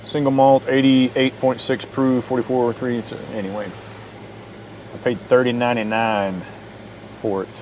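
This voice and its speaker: A man's voice: mid-range voice, level tone, a little slow, a little mellow. Oklahoma guy, middle-aged, rambling camp vlog at his truck, talks to his dog, faint bug noise behind. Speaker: camping vlogger. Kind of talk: casual camping vlog. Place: in and around a truck at a campsite.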